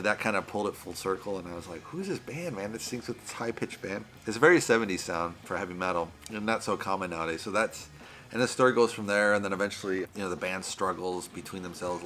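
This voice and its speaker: A man's voice: fairly low pitch, fairly bright tone. A man giving a casual, rambling movie review on his vlog, often saying "you know" and "right".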